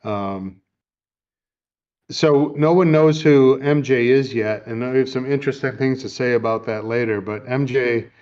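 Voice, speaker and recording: A man hosting a casual chat, recapping a movie in a relaxed, rambling way with lots of fillers. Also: medium pitch, measured pace, lo-fi sound. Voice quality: easygoing, rambling with many fillers. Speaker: podcast host. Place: home room.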